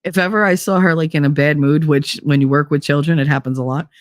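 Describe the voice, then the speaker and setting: A woman's voice: deep voice, fast, no echo. New woman, middle-aged, podcast host, casual storytelling, salty language, dry close sound. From Hoboken, New Jersey. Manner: animated, swears freely, frequent laughter.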